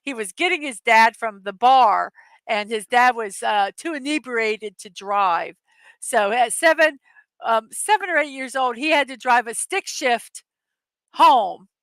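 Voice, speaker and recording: A woman's voice: fairly high pitch, lively intonation, a little slow, a bit bright, dry recording. A middle-aged woman hosting a casual morning chat show, telling rambling stories and laughing often. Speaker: host.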